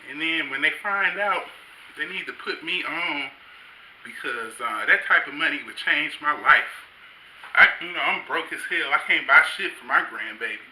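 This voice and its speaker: A man's voice: on the high side, moderate pace, pushed and bright, a little hiss or hum. A middle-aged man, a grandfather, doing a loose, profane stand-up set on a comedy stage with a handheld mic. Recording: roomy stage sound, faint ambience.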